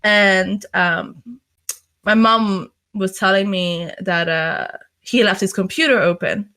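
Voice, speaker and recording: This is a young woman from the UK, an interview guest who talks in loose, rambling chat. Her sentences pile up fillers and curse words as she tells her story. Her voice sits at a middling pitch. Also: slow pace, sharp tone. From United Kingdom. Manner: chatty storytelling, heavy fillers, swears freely. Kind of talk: casual chat.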